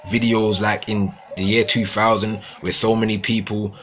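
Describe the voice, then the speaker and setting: A man's voice: on the low side, level tone, normal speed, a bit bright. A young man ranting casually to viewers on a livestream, swearing often and repeating himself. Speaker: livestream host.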